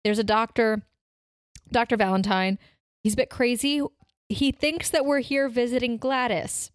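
A woman's voice: a little high, steady tone, normal speed, clear, resonant tone, no echo. Woman player at a tabletop game, takes charge and lists plans, dry mic.

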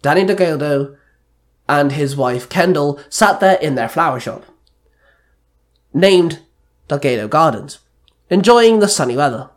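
A man narrating a fan-fiction story aloud in a slow, even read-aloud delivery. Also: a little high. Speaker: story reader.

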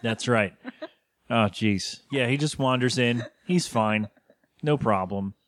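A man co-hosting a podcast, casually recapping a cartoon episode with jokes and quick quoted voices. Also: medium pitch, a bit bright, no echo, clean studio sound. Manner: joking, retells scenes with quick put-on quotes. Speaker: podcast co-host.

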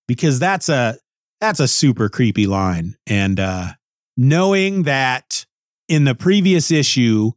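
Casual comic reviewer, male, mid-pitched, dry close sound, musing and self-correcting. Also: dry recording. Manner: rambling, musing, frequent restarts and hedges.

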